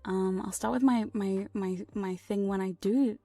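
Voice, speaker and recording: A woman streamer talking in a soft, rambling whispered role-play, playful and prone to swearing. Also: mid-range voice, steady tone, unhurried. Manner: frequent laughs and swearing. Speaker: ASMR streamer. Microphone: binaural ASMR microphone.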